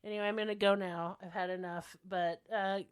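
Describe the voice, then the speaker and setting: A woman's voice: mid-range voice, steady tone, brisk, clean tone, no room sound, clean studio sound. A woman co-hosting a podcast in casual chat, sassy, profane and self-mocking. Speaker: podcast co-host.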